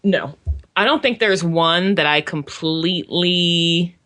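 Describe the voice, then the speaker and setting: A woman's voice: fairly low pitch, slow pace, fairly bright tone. A woman co-hosting a podcast, chatting casually and ranting with strong opinions. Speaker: podcast co-host. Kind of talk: casual chat.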